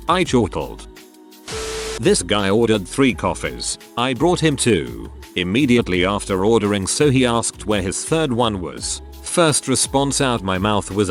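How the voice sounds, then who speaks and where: Low-voiced man narrating lively stories. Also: moderate pace, faint music behind. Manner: animated storytelling of reader anecdotes. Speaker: story narrator. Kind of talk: scripted narration.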